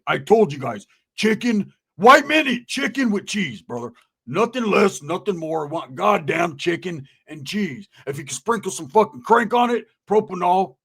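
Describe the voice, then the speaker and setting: A man's voice: high voice, gravelly, fairly bright tone, slightly rough, full character voice. A man voicing his crude, hot-tempered, broke white friend, who rants profanely and calls everyone brother.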